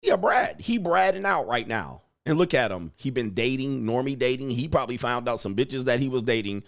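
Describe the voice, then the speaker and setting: A man ranting casually on a livestream, animated and emphatic, laughing and repeating himself for emphasis. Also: medium pitch, brisk, creaky. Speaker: dating commentary streamer.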